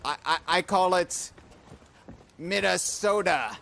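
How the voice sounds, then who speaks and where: A man's voice: high voice, slow, gravelly, bright, forceful tone, slight background noise. A man hosting a comedy podcast, improvising banter in a pirate persona and often stammering and rambling as he jokes. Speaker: podcast host.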